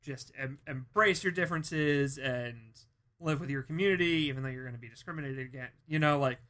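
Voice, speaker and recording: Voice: mid-range voice, a little fast, fairly bright tone. A podcast co-host talking in a laid-back, chatty and wry way. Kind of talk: casual chat.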